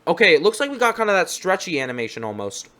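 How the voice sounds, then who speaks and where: A man's voice: sits high, big pitch swings, fast, bright, forceful tone. Chatty young man reacting on camera. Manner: rambling, upbeat, self-correcting. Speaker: video reaction host. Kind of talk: casual reaction commentary.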